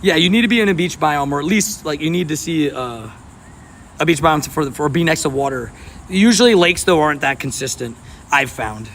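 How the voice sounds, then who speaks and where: A man with a fairly high, slightly bright voice and lively intonation talks quite quickly as he live-streams from a park by the water. Hot and sweaty, he chats casually with viewers and laughs often, with faint outdoor noise behind him.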